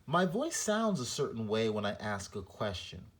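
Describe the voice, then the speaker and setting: A man teaching a reading lesson, explaining punctuation and reading a short story aloud to show flat and expressive delivery. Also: on the low side, moderate pace.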